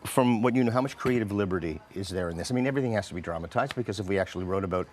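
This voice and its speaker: A man's voice: fairly low pitch, rapid-fire, darkish tone, slight background noise. A man hosting a casual TV interview, chatty and rambling with many fillers. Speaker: TV news host.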